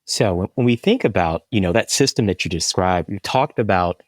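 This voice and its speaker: A man hosting a podcast interview, asking measured questions and murmuring agreement. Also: sits low, lively intonation, no echo. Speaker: podcast host.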